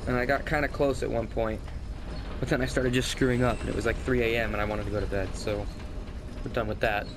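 A man's voice: mid-range voice, little pitch movement, fast, noisy background. A man who has lost his voice and is short on sleep, giving rambling, self-deprecating commentary as he plays a game and swears at it now and then. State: hoarse, lost voice; tired from little sleep. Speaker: gaming channel host. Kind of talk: casual let's-play commentary. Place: home gaming setup, leaning back in chair.

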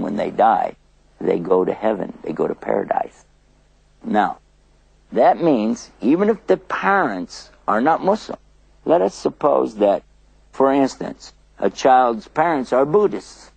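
An older man preaching to children, telling lively stories and acting out little scenes in different voices. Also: medium pitch, gravelly, husky, no room sound, poor audio. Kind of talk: children's religious storytelling lecture.

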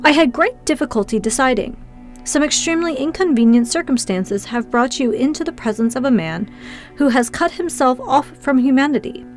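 A woman reading as a calm, commanding sea captain. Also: high voice, moderate pace, soft background music. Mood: grave. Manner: calm, penetrating, precise speech. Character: commanding, aloof male ship captain. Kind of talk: audiobook character reading.

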